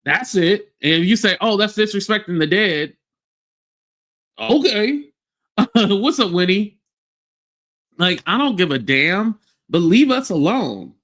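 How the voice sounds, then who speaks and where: Blunt, profane young man hosting a live podcast rant, slightly high voice. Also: big pitch swings, slow pace, pauses often, a bit bright. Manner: blunt, profane, greets chat viewers by name. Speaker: podcast host.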